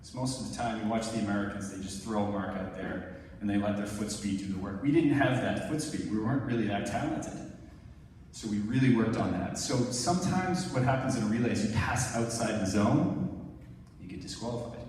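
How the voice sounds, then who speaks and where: A man in his thirties from Canada, a former Olympic sprinter, gives a conversational talk to an audience, narrating video clips and asking a helper to play or pause them. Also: fairly low pitch, darkish tone, a little hiss or hum. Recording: echoey hall from far off, faint ambience.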